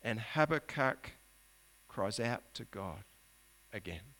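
A man's voice: lowish voice, lively intonation, takes it slowly, fairly bright tone. A man preaching a sermon as pastor, earnest, climbing to emphatic peaks and sinking to near-whispers.

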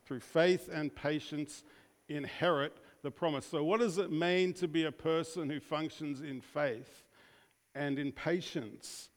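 An Australian preacher with a somewhat high voice delivers a loose, conversational sermon. He restarts often and keeps asking the congregation questions. His voice rings with the long reverb of a church hall. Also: a little slow.

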